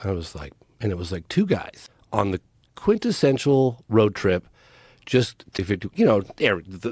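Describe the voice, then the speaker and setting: A man telling a long story as a podcast guest, animated and emphatic, acting out the people he quotes. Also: low voice, no room sound, studio quality. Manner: acts out quoted voices, emphatic.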